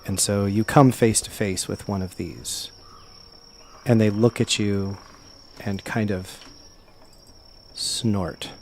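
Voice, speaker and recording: Low-voiced man running a tabletop game. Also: fairly even intonation, slow, long pauses, darkish tone, slight background noise. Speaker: game master.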